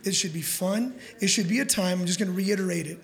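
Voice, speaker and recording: A woman's voice: on the low side, fast talker, creaky. A woman co-hosting an advice talk, earnest, repeating her points and asking "right?".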